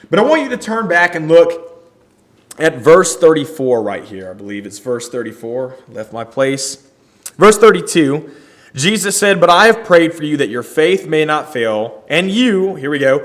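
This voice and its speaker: A man leading a Bible study, reading scripture aloud and explaining it earnestly. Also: fairly high pitch.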